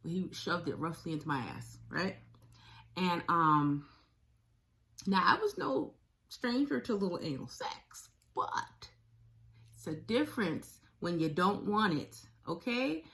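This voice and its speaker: Woman, candid storytelling, profane, halting, repeats herself, lowish voice, tense bright tone. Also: sing-song. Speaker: video blogger sharing a survivor story.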